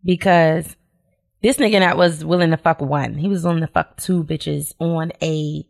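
A woman co-hosting a podcast in casual chat, animated and profane, jumping in with her own side of the story. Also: low voice, normal speed, vocal fry. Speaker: podcast co-host.

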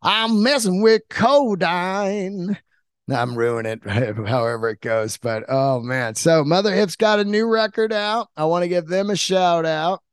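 Man, podcast host, casual rambling, swears a lot, slightly high voice, dry sound. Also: moderate pace, hardly any pauses, clear, resonant tone, no echo. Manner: rambling, profane, enthusiastic. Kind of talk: casual monologue.

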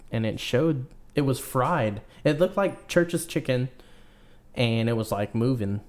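A man in loose banter whose pitch swings up and down as he jokes and cusses. He talks in a wisecracking, offhand way. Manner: lively, joking, swears freely. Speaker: podcast co-host. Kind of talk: casual chat.

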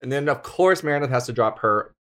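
A man hosting a podcast, chatting in a sassy, gossipy way, swearing freely. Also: a little fast. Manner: animated, sassy, swears freely, slips into shrill impressions. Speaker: podcast host. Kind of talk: casual gossip commentary.

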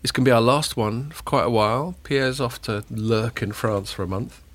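A man's voice: medium pitch, normal speed, a bit bright, no echo. A middle-aged man hosting a podcast in casual, jokey chat. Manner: jokey, laughs often. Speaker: podcast host.

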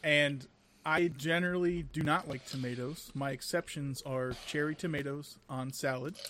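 A man talking casually with friends in a bright, forceful voice pitched a little high. His delivery is steady and measured, with a faint noise bed behind him. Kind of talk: casual chat.

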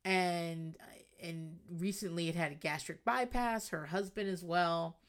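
A woman hosting a podcast, telling a reality show recap in a casual, animated way, acting out quotes and swearing freely. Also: lowish voice, unhurried. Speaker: podcast host.

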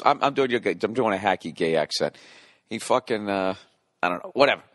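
A man's voice: on the low side, expressive, fairly quick, fairly bright tone, dry recording, clean studio sound. A man in his forties doing a rambling, profane comedic monologue, often interrupting and correcting himself. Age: 40s.

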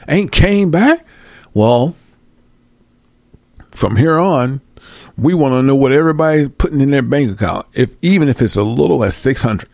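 A man's voice: medium pitch, gravelly, darkish tone, no echo, studio quality. A man delivering a heated, profane monologue rant, repeating phrases for emphasis.

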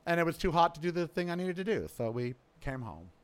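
A man hosting his podcast, delivering a sarcastic, ranting political monologue that swings from loud outbursts to low mutters. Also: big pitch swings, fairly quick, smooth. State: coughing from smoke in throat. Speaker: podcast host. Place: outdoors.

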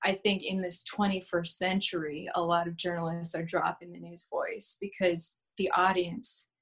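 A woman journalist answering questions in a casual interview, speaking in a clear, measured way. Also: lowish voice, expressive, fairly bright tone.

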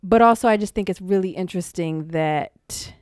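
A woman's voice: lowish voice, normal speed, clean tone, no echo, studio quality. A woman co-hosting a podcast, chatting casually with lots of laughter and slang. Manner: animated, laughing, slangy storytelling. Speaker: podcast co-host. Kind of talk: casual chat.

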